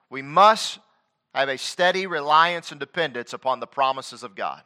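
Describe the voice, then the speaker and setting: At a moderate pace, this sermon opens with a man reading King James scripture aloud in a high, ringing voice. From there he moves back and forth from forceful emphasis to quiet asides, keeping a bright, forward tone all the way.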